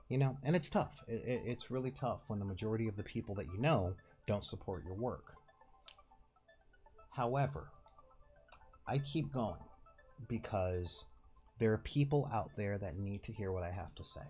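Casting: nasal, lower-voiced man, rambling casual host, faint music behind. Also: normal speed, a little mellow. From Southern California. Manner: rambling, frequent laughs and restarts. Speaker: channel host. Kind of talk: casual direct-to-camera talk.

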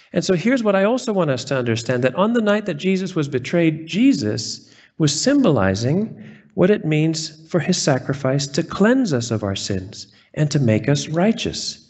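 Earnest preaching pastor, fairly high voice. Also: male voice, big pitch swings, moderate pace, darkish tone, breathy edge. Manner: earnest preaching, reads scripture and quotes with emphasis. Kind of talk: sermon.

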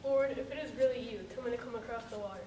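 A woman playing an eager, fearful male fisherman in a church skit, delivering hurried, pleading lines. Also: fairly high pitch, lightly acted. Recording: distant echoey hall with loud noise.

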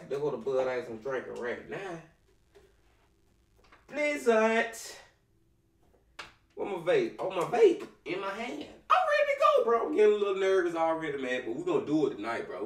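A young man doing casual let's-play commentary, cursing often, hyping himself up and getting jumpy and loud. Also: medium pitch, roomy sound, far from the mic. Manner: profane, hypes himself up, gets jumpy and loud. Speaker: gaming streamer.

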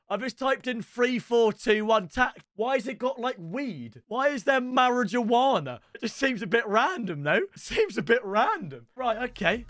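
An excitable young man streaming a football game, his voice sitting notably high. He chats loosely with viewers in slangy banter and breaks into loud shouts when things go his way. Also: a little slow, dry recording, soft background music. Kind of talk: live gameplay commentary.

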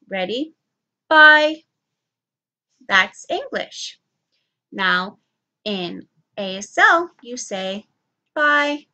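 A young woman teaching young children, speaking clearly and prompting them to repeat words after her. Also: mid-range voice, sharp tone. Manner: enunciates slowly, prompting kids to repeat.

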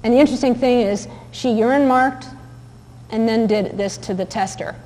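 A woman's voice: fairly high pitch, normal speed, dark tone. Chatty woman lecturing in a reverberant hall. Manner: chatty, anecdotal, many fillers and restarts. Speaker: dog behavior instructor. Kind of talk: recorded lecture with video clips.

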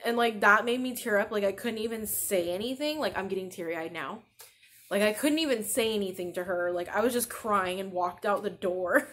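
A woman in her thirties hosts a casual podcast, talking in a loose, rambling way with plenty of filler words. She is short on sleep as a new mother. Her voice sits at an ordinary, middle pitch. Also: moderate pace, fairly bright tone. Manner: chatty, rambling, peppered with "like". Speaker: podcast host. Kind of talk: casual chat.

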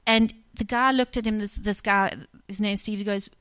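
A woman's voice: medium pitch, steady tone, moderate pace, fairly bright tone, clear, resonant tone, no room sound. Woman preaching with dry close sound. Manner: conversational, retells scenes with quoted dialogue. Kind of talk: sermon storytelling. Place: church.

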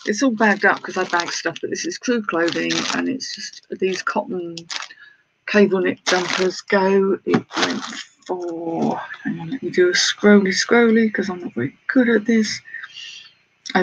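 A gravelly, high-sitting voice belongs to a British man vlogging casually about his online reselling. He shows his sales and greets viewers in a self-deprecating way, and the recording sounds slightly dull and lo-fi with faint noise.

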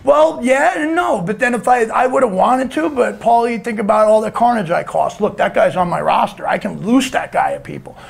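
A man with a heavily gravelly, rough-edged voice spins a rambling story, his pitch sitting high and swinging wildly from phrase to phrase. He tells it in a casual, profane way and often breaks into shouts. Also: animated, normal speed, hardly any pauses. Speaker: guest storyteller.

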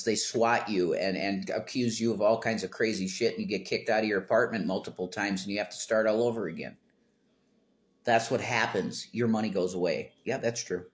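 A man's voice: fairly low pitch, brisk. A man hosting a casual home livestream, reading chat comments aloud, rambling and swearing bluntly.

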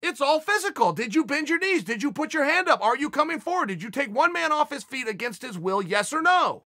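A man giving a motivational speech in a high, bright voice that swings widely up and down. He talks bluntly and hammers his points home, dropping the odd curse. The sound is dry and close. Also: sing-song, a little fast, dry recording. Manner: blunt, emphatic, swears for emphasis. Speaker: motivational speaker.

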